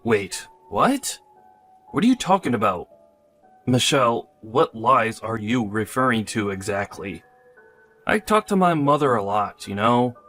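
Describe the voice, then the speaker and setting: A man's voice: mid-range voice, sing-song, a little slow, fairly bright tone, faint music behind. A man voicing an evasive husband who impatiently brushes off his wife. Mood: dismissive. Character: dismissive husband at work, evasive. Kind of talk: text-story voice acting.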